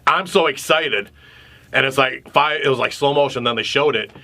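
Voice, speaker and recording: A man co-hosts a casual podcast and tells his stories in an animated, profane way. His voice is bright and forceful, with a tense edge. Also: medium pitch, moderate pace. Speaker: podcast co-host. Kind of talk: casual chat.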